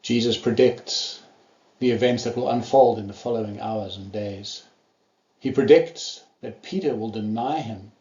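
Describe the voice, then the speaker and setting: A man's voice: lowish voice, unhurried, a little mellow, reverberant, lo-fi sound. A man preaching a sermon, telling the story earnestly and acting out the quoted lines.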